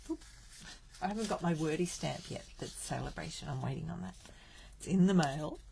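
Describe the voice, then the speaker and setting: A woman's voice: low voice, fairly quick, vocal fry, warm tone, slight background noise. A woman from Australia hosting a live card-making stream, chatting and thinking aloud as she works. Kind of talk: live crafting stream chat.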